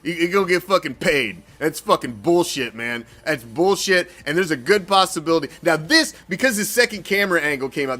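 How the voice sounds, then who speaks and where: A man's voice: on the high side, pushed and bright. A man hosting a sports fan show, ranting heatedly and swearing in an exasperated way. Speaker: sports podcast host. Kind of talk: profane fan reaction rant.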